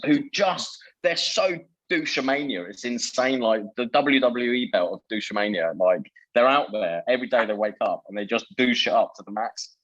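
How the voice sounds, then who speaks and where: Animated man, muffled recording. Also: mid-range voice. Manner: animated, swearing, stumbling restarts. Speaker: podcast co-host. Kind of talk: casual film chat.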